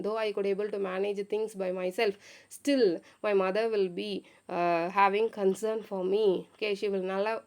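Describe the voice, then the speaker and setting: A woman's voice: medium pitch, a little mellow. A woman teacher, explaining a literature lesson and retelling the story with frequent fillers and "okay".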